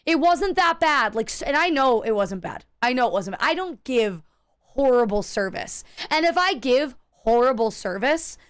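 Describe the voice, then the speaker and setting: Woman streamer ranting through a story, swears a lot, high smooth voice. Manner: profane, animated storytelling; acts out quoted people in her stories. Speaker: streamer telling stories. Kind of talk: casual chat while gaming.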